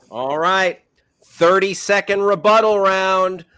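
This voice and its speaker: Guy hosting a comedy tournament, bright high voice, calls the rounds, upbeat. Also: takes it slowly, smooth. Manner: announcing, upbeat, calls time. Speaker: host. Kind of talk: game-show hosting.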